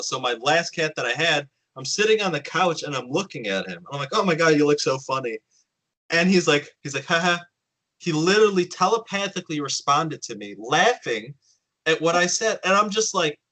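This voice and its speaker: Podcast host, male, casual storyteller who acts out the quotes; bright voice. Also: a little high, rough recording. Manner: animated storyteller, acts out quotes, swears often.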